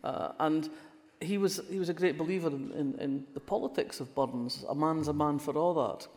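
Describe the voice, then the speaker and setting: An older Scottish woman from Fife, a crime writer appearing as an interview guest, speaks in a low, darkish voice at a moderate pace. She tells wry anecdotes and often restarts her sentences, and the recording has the long reverb of a large hall.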